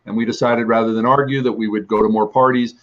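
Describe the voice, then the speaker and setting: A man's voice: mid-range voice, flat delivery, fast, dull audio. A man telling a long personal testimony about his travels, rambling with restarts and fillers. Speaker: ministry teacher. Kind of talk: storytelling testimony.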